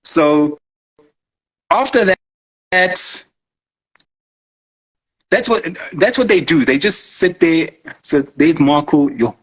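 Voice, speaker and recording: Emphatic husky man. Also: fairly high pitch, slow, long pauses, low-quality recording. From South Africa. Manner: emphatic, swears, keeps checking in with the listener. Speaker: forex trader. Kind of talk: casual explanatory interview talk.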